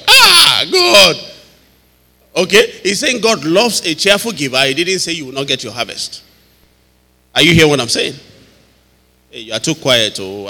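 A man's voice: fairly high pitch, pushed and bright, long reverb tail. A man teaching a Bible study as a pastor, talking conversationally, laughing often and asking listeners if they follow.

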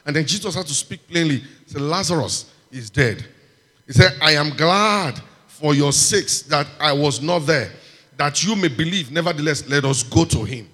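Man, preacher, high voice, animated sermon, shouted amens, long hall echo. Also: moderate pace, slightly rough.

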